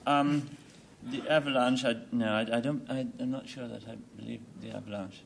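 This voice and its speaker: A man's voice: mid-range voice, steady tone, a little fast, creaky, a little hiss or hum. A man on a TV panel game, dithering as he thinks aloud before choosing.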